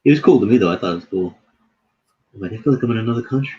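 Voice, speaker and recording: A man's voice: fairly low pitch, lively intonation, racing, dark tone, slightly rough, lo-fi sound. A man chatting casually, laughing and telling loose stories about travel and accents. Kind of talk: casual chat.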